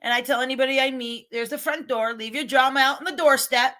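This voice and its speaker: Bright-voiced woman venting to her chat. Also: high-pitched, steady tone, quick pace. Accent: regional American. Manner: rambling, emphatic, restarts often, gets loud when upset. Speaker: livestreamer addressing her chat. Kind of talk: casual chat, defensive and venting.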